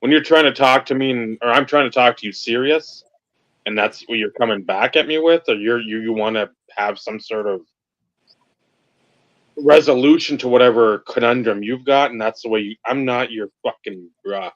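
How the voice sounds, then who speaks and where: A man's voice: medium pitch, normal speed, a bit bright, dry recording. Blunt, profane man on a dull lo-fi mic. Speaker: podcast co-host. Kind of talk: casual chat. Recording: dull, lo-fi sound.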